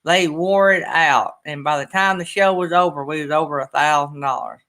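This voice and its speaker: Bright-voiced man chatting casually. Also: a little high, moderate pace. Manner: rambling, folksy, emotional, near tears. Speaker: channel host. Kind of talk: casual livestream chat.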